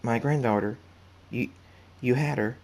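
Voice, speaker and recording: A man voicing a kind, protective old stallion pony who is a grandfather, reading softly with small restarts. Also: mid-range voice, measured pace, vocal fry. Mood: tender.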